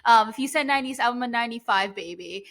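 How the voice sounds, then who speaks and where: A woman's voice: a little high, quick pace, a bit bright. A woman in her thirties from New Jersey, hosting a podcast in a chatty way with many fillers. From New Jersey, USA. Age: 30s. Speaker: podcast host. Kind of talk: casual interview chat.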